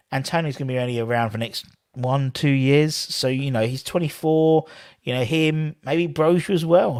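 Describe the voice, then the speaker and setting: A man's voice: medium pitch, dry recording, clean studio sound. A man hosting a fan live stream, rambling casually and reading viewer comments aloud. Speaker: fan channel host.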